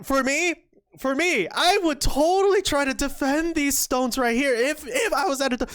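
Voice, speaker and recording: A young woman giving excited commentary on a board game, gushing and exclaiming as she acts out the players' imagined thoughts. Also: high voice, normal speed, no echo, studio quality.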